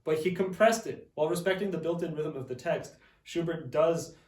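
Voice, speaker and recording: Man, music lesson, enthusiastic, casual, slightly high voice, roomy echo. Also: moderate pace, darkish tone, recorded from a distance. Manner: enthusiastic, casual asides, reads German lines aloud. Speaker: Lied pianist. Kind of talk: explaining music analysis.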